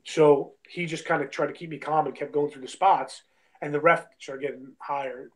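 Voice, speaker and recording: A young man tells a long story in a loose, rambling way, peppered with "like", "bro" and "you know". His voice sits a little higher than most men's. He talks as a guest, in easy conversation. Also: a little fast, rough recording. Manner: loose and chatty, heavy on "like", "bro" and "you know what I mean". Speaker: guest, independent wrestler. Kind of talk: casual storytelling.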